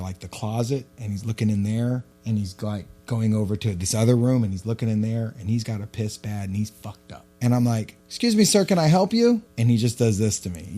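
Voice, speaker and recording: A man, co-hosting a podcast and telling a story in casual chat. He swears freely and gets loud and animated. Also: lowish voice. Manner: profane, animated storyteller who shouts when quoting himself. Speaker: podcast co-host.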